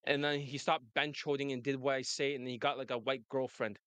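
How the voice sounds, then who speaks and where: A man's voice: mid-range voice, level tone, a little fast, a bit bright, smooth, no echo. A man coaching on dating, talking brashly and laughing often in casual chat. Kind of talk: casual monologue and phone call.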